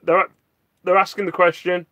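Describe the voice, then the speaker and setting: A man's voice: high voice, flat delivery, moderate pace, sharp tone, no echo. A man casually chatting from his home loft, reading viewer questions aloud and answering with self-mocking jokes. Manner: jokey, self-mocking, reads out comments. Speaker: live stream host answering viewer questions. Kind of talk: casual chat.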